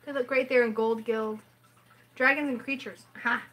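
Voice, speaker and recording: A woman's voice: on the high side, steady tone, moderate pace, a bit bright. A woman hosting a casual live-stream chat, thinking aloud and teasing herself as she browses. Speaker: host.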